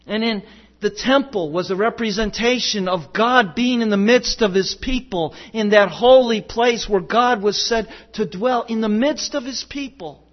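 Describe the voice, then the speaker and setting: A man preaching a sermon as pastor, emphatic and rhetorical, swinging between loud declarations and hushed passages. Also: high voice, unhurried, lo-fi sound.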